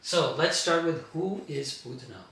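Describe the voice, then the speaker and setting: A man with a gravelly, bright voice explains a scripture story to a class in an animated way. His voice carries a heavy echo, as if in a large bare room. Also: fairly high pitch, normal speed. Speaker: teacher. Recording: very echoey room.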